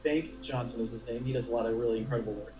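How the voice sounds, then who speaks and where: A man's voice: mid-range voice, very fast, dark tone, slight background noise. A man being interviewed, telling stories in a chatty, rambling way with many restarts. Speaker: interview guest, commercial actor. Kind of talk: casual interview storytelling. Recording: echoey room with faint music.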